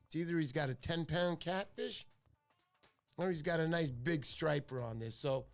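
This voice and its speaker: A man hosting a casual fishing livestream, chatty and excitable, thanking viewers by name. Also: on the high side, moderate pace, soft background music. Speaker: livestream host.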